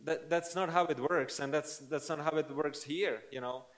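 A man's voice: a little high, moderate pace. A man preaching a sermon in an earnest, conversational way, often checking in with the listeners. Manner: earnest, conversational, frequent tag questions.

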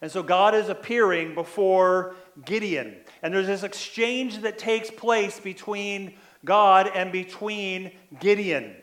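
High-voiced preacher peppering "right?". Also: male voice, takes it slowly, hardly any pauses, a bit bright, reverberant. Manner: frequent "right?" tag questions, acts out quoted lines. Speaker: pastor. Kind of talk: sermon.

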